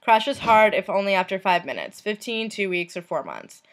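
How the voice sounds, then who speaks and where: A woman vlogger reading messages aloud, in a soft, unhurried voice that trails off at the end of lines. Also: medium pitch, big pitch swings.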